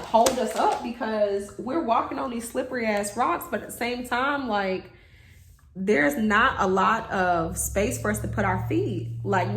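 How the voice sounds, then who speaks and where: A young woman vlogger telling a story in casual chat to her viewers, swearing freely and acting out what people said. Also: fairly high pitch. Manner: animated, swears freely, acts out quotes. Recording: roomy echo.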